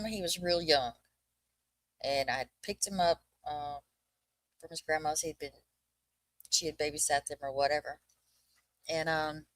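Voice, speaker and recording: A woman's voice: low voice, a bit bright, no room sound, poor audio. A middle-aged woman with a Southern US accent, chatting on a livestream and telling a funny story with lots of laughter. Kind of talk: casual chat, storytelling.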